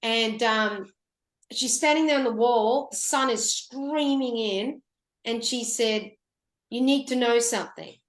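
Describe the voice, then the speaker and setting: Emotional woman telling a story, roomy sound. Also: on the high side. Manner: halting, emotional, many restarts. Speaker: guest, photographer. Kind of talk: emotional storytelling in a radio interview.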